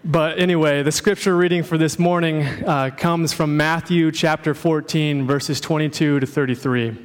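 Higher-voiced pastor in a reverberant sanctuary. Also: male voice, moderate pace, few pauses, clean tone. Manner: relaxed, with frequent "uh" fillers. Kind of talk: sermon and scripture reading. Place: large church sanctuary. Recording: long church reverb.

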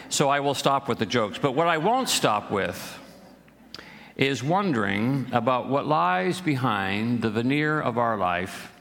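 A man's voice: medium pitch, fairly bright tone. A man preaching a sermon as pastor, folksy and joke-telling, with frequent fillers and restarts. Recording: reverberant hall.

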